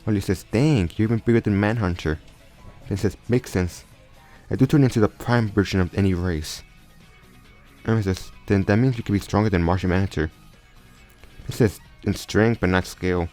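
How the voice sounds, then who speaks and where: A man's voice: lowish voice, normal speed, darkish tone. A man casually improvising a story aloud, often stumbling and restarting his sentences. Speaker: storyteller retelling a fan crossover story. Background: faint background music.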